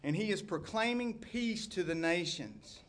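A middle-aged man, a pastor preaching a sermon with animated delivery, shouting quoted crowds and dropping to near-whispers. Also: high voice, a little slow, slight background noise.

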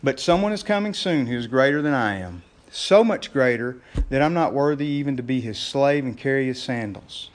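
A man, a pastor preaching a sermon in a conversational way, calling the congregation "gang" and getting loud and excited as he acts out scenes. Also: mid-range voice, moderate pace, hardly any pauses.

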